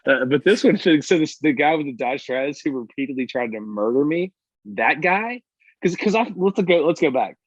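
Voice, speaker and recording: A man on a podcast telling a casual story, animated and quick to act out what other people said. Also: on the high side, dry recording. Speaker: podcast co-host. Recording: dull lo-fi podcast audio.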